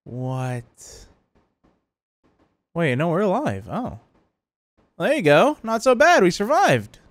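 A man hosting a let's play video, reacting with lots of excited exclamations. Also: sits high, slow, no room sound. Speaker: gaming video host.

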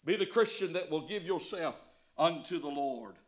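A man preaching a sermon to his congregation, swinging between loud exhortation and soft pleading and asking them direct questions. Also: fairly high pitch, animated, moderate pace. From United States. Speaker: pastor. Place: church sanctuary.

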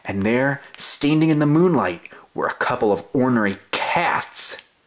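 A young man giving an overly silly storybook reading to kids, hamming up every sentence. His pitch rides up and down in a lively, sing-song way, with dramatic slow-downs for suspense. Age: young adult. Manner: playful, exaggerated, sing-song. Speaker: reader of a children's story.

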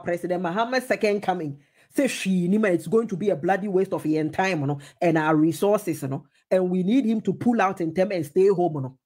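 A woman's voice: on the low side, brisk, mellow. A woman with a Ghanaian accent giving opinionated TV commentary, switching between English and Twi with emphatic, mocking remarks.

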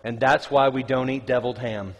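A man's voice: medium pitch, steady tone, a little fast. A man preaching a conversational sermon, reading scripture aloud and joking with the congregation. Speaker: pastor. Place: church sanctuary. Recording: reverberant church hall.

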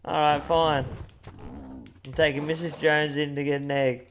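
A man playing a co-op game, excitable, swinging from muttering to yelling. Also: on the high side, moderate pace, slight background noise. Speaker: gamer. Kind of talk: casual co-op gaming chat.

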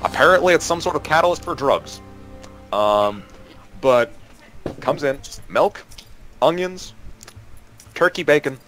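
A young man casually telling a work story to friends over voice chat, animated and acting out the people he quotes. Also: on the high side, measured pace, pauses often, faint music behind. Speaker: storyteller among gaming friends.

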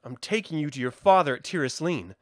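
A man's voice: on the high side, expressive, brisk, no echo, clean studio sound, voice pushed down, natural voice. A man voicing a small, earnest young farmer-hero with an eager, anxious way of talking.

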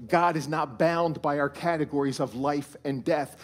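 A man, a pastor, preaching a sermon in a church, animated and swinging from hushed tones to loud emphasis. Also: on the high side, moderate pace. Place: church auditorium.

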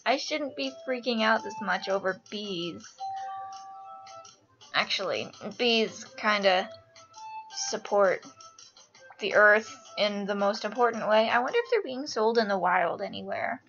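A young woman host giving casual, excitable gameplay commentary, gushing and giggly. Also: mid-range voice, takes it slowly, long pauses. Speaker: gaming channel host. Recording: lo-fi screen-capture audio over game music.

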